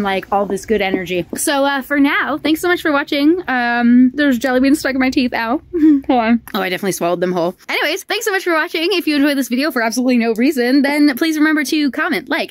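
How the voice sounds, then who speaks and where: A woman's voice: fairly high pitch, no room sound. A woman chatting casually to camera in a vlog, joking about herself and laughing easily. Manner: chatty, self-mocking, quick to laugh. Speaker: vlogger.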